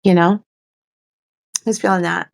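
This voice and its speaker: A woman coaching on a live stream, talking in a soft, reflective way and often repeating her phrases. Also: fairly low pitch, steady tone, unhurried, gravelly. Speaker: life coach.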